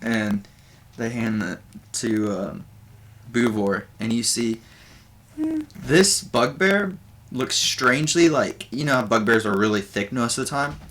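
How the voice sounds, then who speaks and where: A man narrating a tabletop game as game master, casual and describing things with many pauses and restarts. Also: medium pitch, big pitch swings, fairly bright tone.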